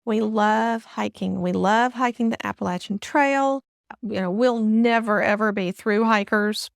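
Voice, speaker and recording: A friendly woman with a Southern US accent talks as a guest in a casual interview, circling back on her words as she goes. Her voice has a gravelly edge, and the recording is dry and close. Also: mid-range voice, a little slow, dry recording. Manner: friendly, chatty, with frequent restarts and fillers. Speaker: guest author.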